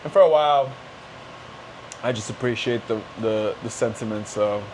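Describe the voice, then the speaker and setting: A man in a casual podcast chat, playful and quick to laugh. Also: fairly low pitch, background noise. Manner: playful, laughs often, animated.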